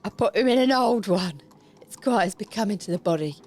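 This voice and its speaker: A woman's voice: medium pitch, expressive, brisk, a little mellow, natural voice. A woman voicing a coarse, scornful charwoman.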